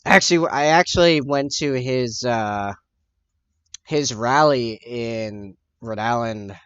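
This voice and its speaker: A man's voice: mid-range voice, slow pace, fairly bright tone, smooth, dry recording. Man, livestreamer, rambling casual chat, self-correcting, dry muffled audio. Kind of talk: casual chat while painting miniatures and answering chat. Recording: dull, dry lo-fi stream audio.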